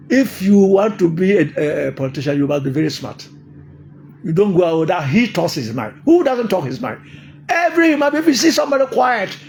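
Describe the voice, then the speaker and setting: A man's voice: high-pitched, creaky, a little mellow, a little hiss or hum. An older man with a Ghanaian accent, delivering an emphatic political monologue, repeating his points and laughing often. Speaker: political commentator.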